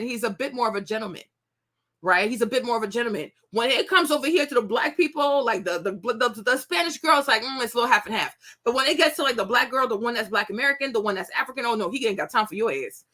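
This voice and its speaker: A woman in her thirties hosting a commentary show, talking casually to viewers, animated and repetitive, often laughing. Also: fairly high pitch, fast, hardly any pauses.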